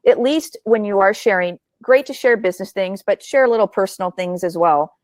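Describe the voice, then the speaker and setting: A woman's voice: medium pitch, moderate pace, no room sound. A woman hosting an interview over a video call, speaking in an emphatic, plainspoken way. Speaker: association CEO and host. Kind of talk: casual interview chat.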